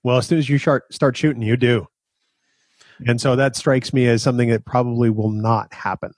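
A man co-hosting a fan podcast, measured and plain-spoken, moving between chat and sponsor notes. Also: mid-range voice, steady tone, a little mellow, dry recording. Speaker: podcast co-host. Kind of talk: casual chat.

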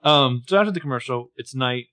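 A man's voice: mid-range voice, animated, brisk, a bit bright, dry recording. A man co-hosting a casual podcast, narrating the plot of an episode with wry jokes. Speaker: podcast co-host. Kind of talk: casual recap chat.

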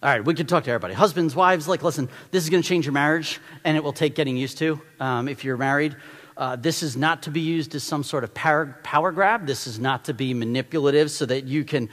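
A middle-aged man preaching a sermon as pastor, animated and exhorting, repeating points for emphasis. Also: on the high side, quick pace. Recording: long reverb of a large hall.

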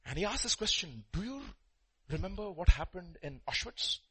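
Husky preacher with lively swings. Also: male voice, high-pitched, moderate pace. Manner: storytelling with sudden loud emphatic bursts. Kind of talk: sermon.

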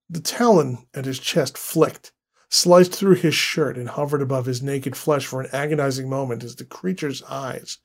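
A man narrating a dark horror story in a measured, deliberate way. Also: on the high side, breathy edge.

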